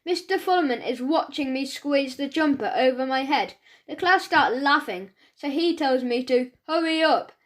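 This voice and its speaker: A woman's voice: high voice, lively intonation, normal speed. A woman narrating a children's audiobook in a chatty first-person voice, telling the story as a schoolboy.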